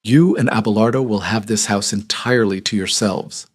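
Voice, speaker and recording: A man voicing a composed young duchess who speaks low, even and cold in a storybook reading. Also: normal speed, husky.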